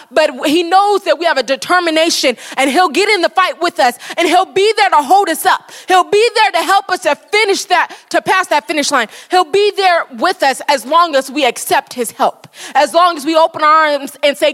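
A woman's voice: extremely high pitch, moderate pace, hardly any pauses, fairly bright tone, long reverb tail. A woman preaching a sermon with fervent, repetitive exhortation.

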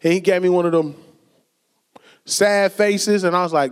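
A man's voice: high voice, normal speed, clear, resonant tone. A man preaching a sermon in a conversational way, telling stories and quoting people with a laugh now and then. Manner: conversational storytelling with laughs and acted quotes. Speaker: pastor.

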